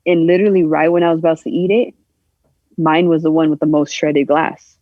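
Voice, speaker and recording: Woman telling a painful story, halting. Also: low-pitched, steady tone, no room sound. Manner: emotional, halting, acts out quoted voices. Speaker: podcast guest. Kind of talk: candid personal storytelling. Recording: dull lo-fi sound.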